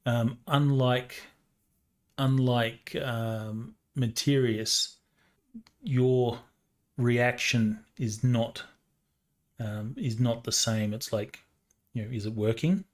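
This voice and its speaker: A man's voice: mid-range voice, fairly even intonation. A man narrating a tabletop game as game master, hesitant and full of fillers. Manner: slow, hesitant, many fillers.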